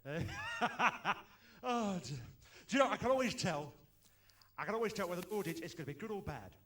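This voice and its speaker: A man's voice: sits high, expressive, fairly quick, a bit bright. A man doing a chuckling bumbling comic magician. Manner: chuckling, muttering "oh dear" between one-liners. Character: bumbling chuckling stage magician-comedian, middle-aged man. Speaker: tribute comedian. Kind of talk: stand-up comedy with botched magic tricks. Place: stage in a club.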